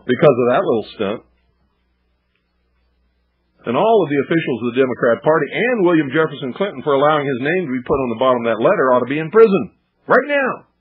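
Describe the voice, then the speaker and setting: A man's voice: fairly high pitch, slightly rough. A man hosting political talk radio, lecturing indignantly and firing off rhetorical questions. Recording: tinny lo-fi archived radio broadcast.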